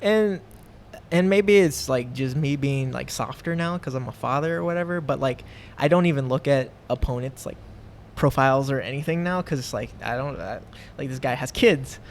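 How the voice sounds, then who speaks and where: A man's voice: medium pitch, moderate pace. Rambling young man, faint background noise. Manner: rambling, many fillers and restarts. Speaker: guest, professional MMA fighter. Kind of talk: casual podcast conversation.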